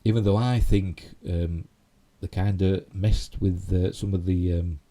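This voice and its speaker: Geek news gets a rambling, casual treatment from this Yorkshire-accented live-stream host, who uses lots of "you know" and tag questions. He's from Yorkshire, England, with a deep, mellow voice, fairly even intonation, and an unhurried delivery.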